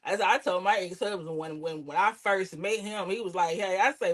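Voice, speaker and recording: A woman's voice: fairly low pitch, normal speed, few pauses. A woman comedian, telling candid stories in a casual interview and acting out her relatives' voices. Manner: lively, swears, acts out relatives' voices. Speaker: comedian guest.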